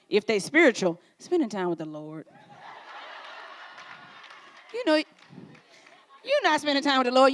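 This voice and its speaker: A woman pastor preaching at a conference, playful and animated, acting out little quoted exchanges. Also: sits high. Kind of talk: sermon. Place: conference stage.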